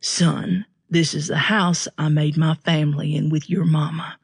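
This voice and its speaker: A woman's voice: deep voice, little pitch movement, unhurried, vocal fry, slightly rough, no echo, studio quality, full character voice. A woman voicing a menacing, domineering estranged middle-aged father in an audiobook, speaking in a deceptively reasonable tone. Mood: coaxing.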